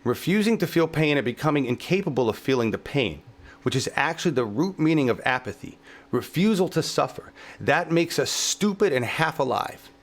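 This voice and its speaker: A man's voice: a little high, very animated, moderate pace. A male show host delivering a heated political podcast rant, swearing heavily, fervent and exasperated.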